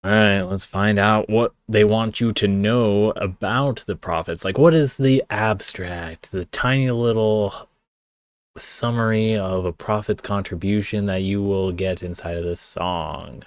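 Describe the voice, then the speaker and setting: Reacting to a song on stream, a young man offers sarcastic, profanity-laced casual commentary that keeps drifting into rambling tangents. His voice is on the low side, his pace is measured, and there's no echo.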